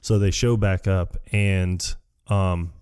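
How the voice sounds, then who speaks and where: A man co-hosting a podcast, casually recapping a film scene by scene and acting out the characters' lines in a higher voice. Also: takes it slowly, smooth. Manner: animated retelling, jumps high to act out quoted lines, laughs often. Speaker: podcast co-host. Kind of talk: casual movie recap chat.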